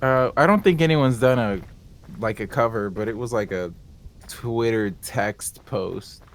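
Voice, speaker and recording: A man's voice: mid-range voice, a little slow. A young man in casual chat while gaming, rambling, joking and swearing freely. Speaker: streamer co-host.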